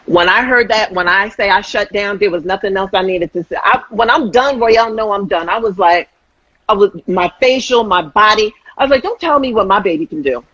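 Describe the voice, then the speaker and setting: Woman w/ husky voice, acts out every quote, dry muffled sound. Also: medium pitch, normal speed, dry recording. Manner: animated storyteller, acts out quotes. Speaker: host. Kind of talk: casual chat.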